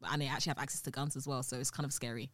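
A woman's voice: rumbling low, racing. A young British woman from the UK, chatting as a podcast guest and acting out quoted dialogue as she tells stories. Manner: animated storyteller, acts out quotes. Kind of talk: casual podcast chat.

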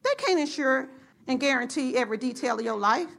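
High bright-voiced woman preaching. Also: brisk, gravelly. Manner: excitable, rising to shouts, talks to the congregation. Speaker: pastor. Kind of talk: sermon. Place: church.

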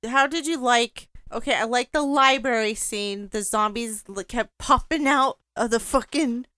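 A woman's voice: a little high, unhurried, sharp tone, dry recording, studio quality. A woman in casual conversation, chiming in and swearing casually. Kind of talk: casual chat.

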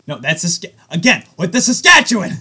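A man's voice: high-pitched, big pitch swings, brisk, bright, forceful tone, husky. A young man co-hosting a casual hockey podcast who rambles, laughs often and restarts his sentences. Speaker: podcast co-host. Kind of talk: casual sports chat.

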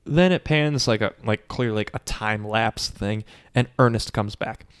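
A man in casual chat, retelling a film scene by scene with quick impressions of the characters and plenty of swearing. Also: fairly low pitch, a bit bright, smooth. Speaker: podcast co-host recapping a movie.

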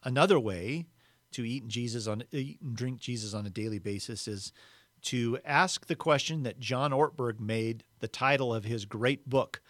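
Speaking at normal speed, this man's medium-pitched, fairly bright voice is captured cleanly in the studio with no room sound. He hosts a podcast, offering a reflective devotional teaching and repeating important words to stress them.

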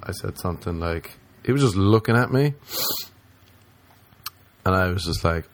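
A man's voice: medium pitch, moderate pace, long pauses, no room sound. A man from Ireland with an Irish accent, casually telling a comic story, swearing a lot and acting out the voices of the people in it. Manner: animated, swears a lot, acts out quoted voices.

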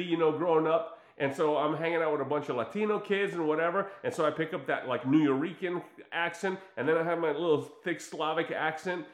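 A middle-aged man whose first language is Croatian, telling stories in a rambling, animated way with many fillers. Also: a little high. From United States and former Yugoslavia. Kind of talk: casual chat. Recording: roomy echo.

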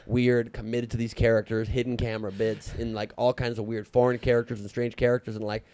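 A man in his late thirties, a comedian, telling stories in an animated, casual podcast chat. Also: mid-range voice. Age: late 30s. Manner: fast, animated storytelling with fillers.

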